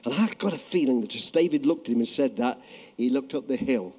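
A man preaching a sermon, telling a story with lively acted-out voices that swell loud at the high points. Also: a little fast, breathy edge. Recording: long hall reverb.

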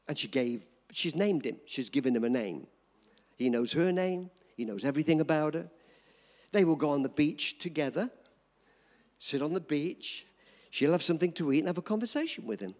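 An older man preaching a storytelling sermon to a live audience, animated and emphatic, speaking directly to the crowd. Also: a little high, moderate pace, pauses often.

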